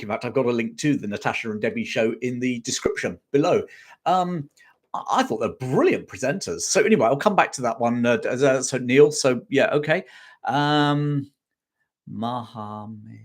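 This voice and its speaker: A man's voice: mid-range voice, brisk. A man hosting a live history chat stream, reading out viewer comments in a chatty way, with many ums and restarts.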